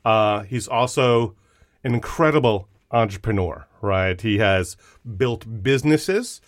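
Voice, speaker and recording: A man's voice: fairly low pitch, a little slow. A man co-hosting a podcast, chatting in a jokey, enthusiastic way. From United States. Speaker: podcast co-host. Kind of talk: casual chat.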